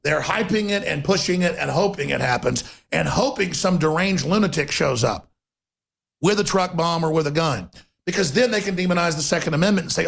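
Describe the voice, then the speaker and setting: This talk radio monologue comes from a man whose fairly high voice is husky, rough, and gravelly, with a fairly bright tone. He rants emphatically and sarcastically, speeding up in quick bursts.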